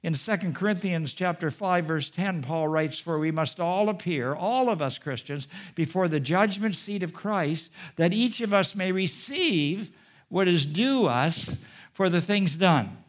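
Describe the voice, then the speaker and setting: Male pastor, slightly high voice, preaching with emphatic bursts and quiet asides. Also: lively intonation, a little slow. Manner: reads scripture aloud and comments, rising to emphatic, then drops to soft, quiet asides. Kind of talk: sermon.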